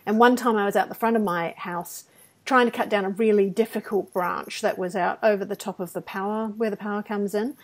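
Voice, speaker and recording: A woman with a medium-pitched voice, speaking a little fast, co-hosts a podcast and shares personal anecdotes in casual conversation. She tells them animatedly, acting out quotes and laughing at herself.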